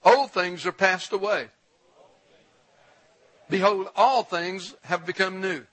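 A male pastor preaching a sermon, reading scripture aloud and urging the congregation, his voice rising to a shout when he exhorts them. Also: high-pitched, takes it slowly, rough recording.

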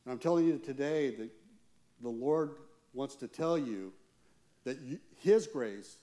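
A church elder preaches a sermon in an earnest, deliberate manner, leaning on slow, emphatic pauses. His voice sits at an ordinary middle pitch, with lively intonation and a warm tone.

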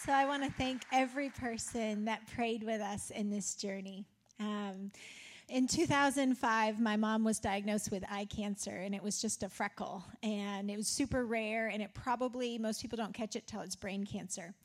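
A woman's voice: medium pitch, steady tone, normal speed. A woman speaking at her mother's memorial, talking plainly with some "um"s. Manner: plain, sincere talk with filler "um"s. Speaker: daughter of the deceased. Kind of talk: memorial speech.

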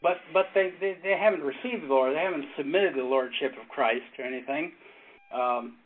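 A pastor and former Navy chaplain teaching a casual Bible study, telling stories in a rambling way, with halting restarts and frequent chuckles. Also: male voice, a little high. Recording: tinny phone-like sound with faint noise.

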